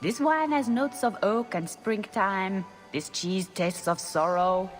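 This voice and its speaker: A woman's voice: medium pitch, takes it slowly, faint music behind, lightly acted. Woman voicing a shy servant girl in a game, nervous, wants to help. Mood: timid. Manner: hesitant, eager to please. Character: timid young female party servant.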